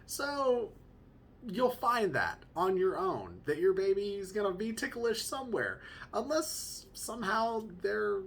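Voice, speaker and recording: A young man hosting a casual podcast as a new father, telling stories in a joking, chatty way with quick asides. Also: sits high, vocal fry, a bit bright, a little hiss or hum. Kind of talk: casual storytelling monologue.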